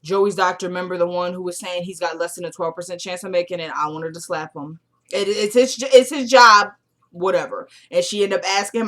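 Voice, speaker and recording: A woman's voice: lowish voice, steady tone, a little fast, a bit bright. A woman vlogger talks through a TV episode in a loose, casual recap. She is chatty and opinionated and drops in slangy asides.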